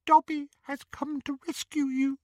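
A man voicing a tiny, timid male house elf with a squeaky, quivering voice in an audiobook reading. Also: little pitch movement, a little slow, dry recording, studio quality. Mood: trembling. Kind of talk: audiobook character voice.

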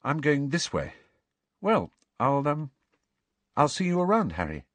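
Man doing a softish earnest schoolgirl voice, audiobook style. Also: a little high, wildly swooping pitch, a little slow, dry recording, voice pushed up, exaggerated voice. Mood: friendly. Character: brave, earnest teenage schoolgirl. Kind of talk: audiobook character voice.

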